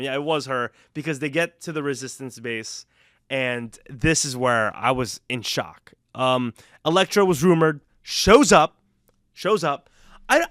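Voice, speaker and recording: A man's voice: mid-range voice, a bit bright, smooth, dry recording, clean studio sound. A young man giving a casual, rambling movie review, enthusiastic and full of fillers and restarts.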